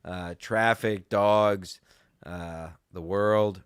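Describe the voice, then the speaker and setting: A man's voice: lowish voice, steady tone, extremely slow, smooth, no room sound, studio quality. A man hosting a podcast, telling a story in a crude, combative and profane rant. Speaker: podcast host. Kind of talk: casual ranting chat.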